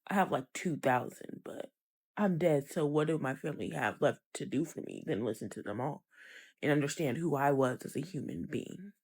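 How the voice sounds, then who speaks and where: A person muses wryly in a casual, deadpan way. The voice is gravelly and full of fry. It still swings widely up and down in pitch. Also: normal speed. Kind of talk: casual musing monologue.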